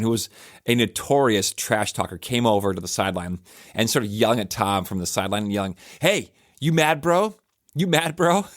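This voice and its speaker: Man, pastor and podcast host, lowish voice, dry close sound, rambling casual talk. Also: no echo. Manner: rambling, self-correcting storyteller with frequent fillers.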